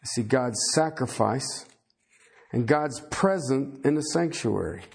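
A man's voice: lively intonation, measured pace, creaky, breathy edge. A man preaching a sermon who rises on the scripture he reads and keeps asking his listeners questions. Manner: rises loud and high on scripture, asks the crowd questions.

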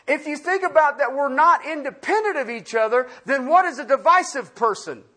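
A pastor teaching a Bible-study sermon, asking the listeners questions and swinging from loud emphasis to quiet asides. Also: high voice, expressive, fairly quick.

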